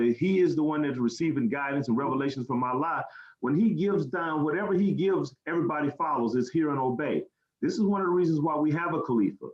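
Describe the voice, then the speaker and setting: An American man answers interview questions in an earnest, plain-spoken way, repeating words as he gathers his thoughts. His voice sits in a roomy space, and the recording sounds dull and lo-fi. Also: a little high. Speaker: guest speaker.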